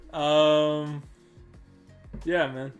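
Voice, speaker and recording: A man's voice: on the high side, smooth. A man from Canada chatting on a podcast, rambling with restarts and fillers and laughing often. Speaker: podcast co-host. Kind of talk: casual chat.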